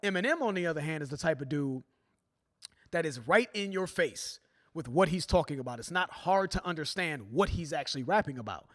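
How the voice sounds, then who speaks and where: A man's voice: a little high, brisk. A man hosting a music reaction video, talking casually and animatedly, often checking in with "right?" and re-rapping lines for emphasis. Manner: animated, keeps asking "right?" and "you know what I'm saying?"; quotes and re-raps lyrics with emphasis.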